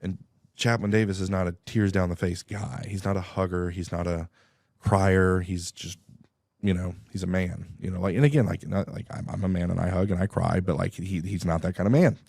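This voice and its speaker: A man's voice: deep voice, level tone, fairly quick, creaky, darkish tone, no room sound. A man telling a personal story on a radio show in a casual, rambling way. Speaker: guest. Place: radio studio.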